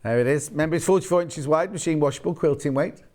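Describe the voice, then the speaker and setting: This man hosts a live shopping broadcast from a TV studio, and his voice sits a little high for a man. He rambles cheerfully between bolts of fabric and reads each price aloud in a casual sales patter. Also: quick pace, darkish tone. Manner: chatty and rambling, reading out prices between asides. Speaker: shopping channel presenter.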